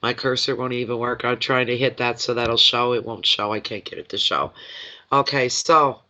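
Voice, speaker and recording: A man's voice: medium pitch, steady tone, moderate pace, sharp tone. A man with a runny nose from a cold, doing a chatty, rambling, emotional tarot reading on a live stream. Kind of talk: live card reading chat. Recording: dull lo-fi stream audio.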